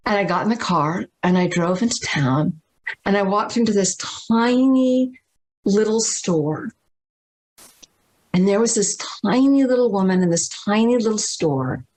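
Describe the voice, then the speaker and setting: A woman guest speaking over a video call, telling a personal story in an emphatic, dramatic way, slowing down and repeating words for stress. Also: mid-range voice, darkish tone. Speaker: spiritual teacher and guest.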